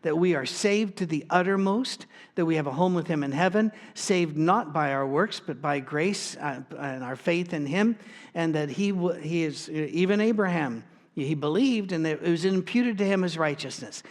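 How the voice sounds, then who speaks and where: A man's voice: a little high, normal speed. A male pastor preaching a sermon in a plain, informal storytelling way, with frequent restarts and asides.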